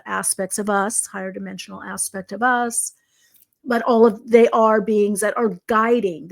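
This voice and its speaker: A middle-aged woman in a casual conversation, telling stories animatedly as a psychic guest. She acts out the dialogue she quotes and often restarts her sentences. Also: mid-range voice. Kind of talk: casual storytelling. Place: video conversation.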